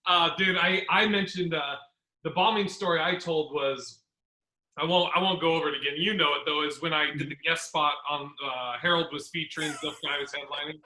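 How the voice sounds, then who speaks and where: A man's voice: on the high side, steady tone, a little fast, pushed and bright. A man hosting a comedy podcast, chiming in with jokes and laughs in a casual chat. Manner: joking, laughing interjections. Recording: roomy echo.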